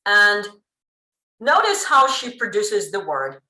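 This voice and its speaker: A woman giving a pre-recorded linguistics lecture, explaining in a lively way with frequent ums. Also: mid-range voice, takes it slowly. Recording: roomy room sound.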